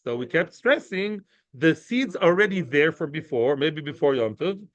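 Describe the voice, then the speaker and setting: A man with a high voice teaches a daily Talmud class, recorded close and dry. He acts out the back-and-forth of the sages with energy and stops to gloss each Aramaic or Hebrew term. His delivery stays lively and explanatory. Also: normal speed, no echo, lo-fi sound. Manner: animated, acts out the sages' debate; mixes in Aramaic and Hebrew terms, explains them.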